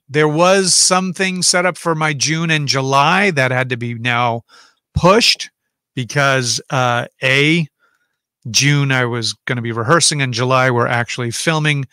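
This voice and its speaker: A man's voice: on the high side, sharp tone, no echo. Chatty man on a dry close mic. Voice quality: chatty, rambling, reads viewer comments aloud and answers them. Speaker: livestream host answering viewer chat. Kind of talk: casual livestream chat.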